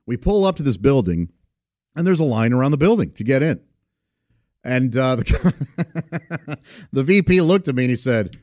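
A man's voice: mid-range voice, big pitch swings, normal speed, long pauses, no room sound, studio quality. A man in his forties telling rambling, self-deprecating stories in a casual chat, often laughing as he goes. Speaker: storyteller. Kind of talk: casual anecdote.

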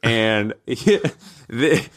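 A man's voice: mid-range voice, extremely slow. A man co-hosting a podcast, talking casually with slang and jokes. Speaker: podcast co-host. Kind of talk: casual chat.

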